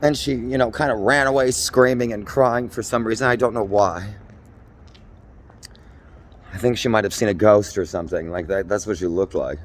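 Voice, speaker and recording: Here the Minnesota vlogger, in his forties, speaks at a normal speed with a fairly low pitch and fairly even intonation. He's walking outdoors on city streets, improvising a theatrical, rambling comedy monologue full of campy jokes, with slight hiss or hum in the recording.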